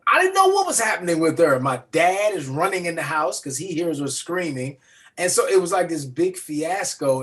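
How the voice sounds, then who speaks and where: A man's voice: fairly high pitch, normal speed. A man on a video call from a room at home, chatting as an interview guest and animatedly acting out the voices in his story. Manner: animated storyteller who acts out quoted voices. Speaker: nominated actor guest. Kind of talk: casual interview chat.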